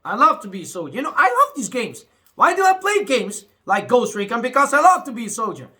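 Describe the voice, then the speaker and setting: A young man vents to his audience in a casual, emotional rant. His voice sits high and swoops widely, with a bright, edgy tone. He flips between angry bursts and quiet, heavy mumbling, leaning on "you know" and "man". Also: sing-song, brisk, breathy edge. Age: young adult. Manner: emotional, swings between angry outbursts and low sad mutters. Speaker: vlogger.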